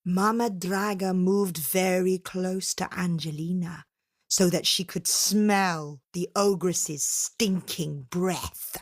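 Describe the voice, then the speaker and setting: A woman storyteller telling a fairytale to children in a dramatic, expressive way. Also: fairly low pitch. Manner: dramatic, unhurried, with voiced characters.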